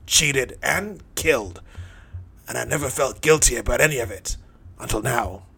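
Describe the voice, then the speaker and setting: A man's voice: gravelly, a bit bright, husky. A man performing a dramatic first-person monologue as a hardened, bitter thief dying on a cross, brooding and cynical. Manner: brooding, cynical, low-key.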